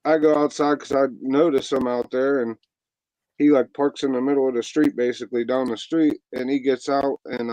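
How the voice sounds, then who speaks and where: Pennsylvania guy, loose cussing storyteller, mid-pitched voice, dry recording. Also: a little mellow, no room sound, low-quality recording. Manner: profane, brash, laid-back storyteller. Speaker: podcast co-host. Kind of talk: casual storytelling chat.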